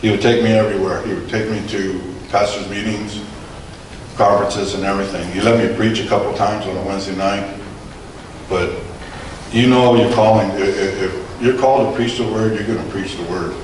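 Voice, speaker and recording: A man's voice: on the low side, fairly even intonation, a little fast, slight background noise. Man in his forties or older, personal church testimony, conversational storytelling, acts out dialogue, very echoey hall, heard from far off. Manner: storytelling, acting out dialogue, chuckling. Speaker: guest speaker giving testimony.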